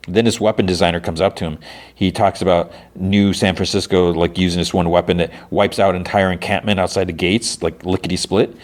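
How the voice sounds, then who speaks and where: Low-voiced male podcast host, rambling casual recap, lots of filler.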